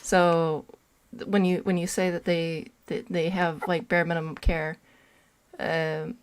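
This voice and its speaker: A woman's voice: fairly low pitch, flat delivery, unhurried, clean tone. A woman joining a casual chat, stammering and insistent as she argues her point. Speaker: caller joining a podcast.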